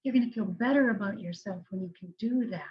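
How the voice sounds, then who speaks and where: A woman counselor giving a calm, instructive talk on managing anger, slowing down to guide breathing exercises. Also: medium pitch, lo-fi sound.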